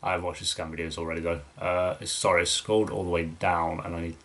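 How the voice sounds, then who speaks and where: Low-voiced rambling young man. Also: flat delivery, quick pace, fairly bright tone. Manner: rambling, loose, many fillers and restarts. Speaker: YouTube reaction channel host. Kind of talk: casual Q&A, reading viewer questions.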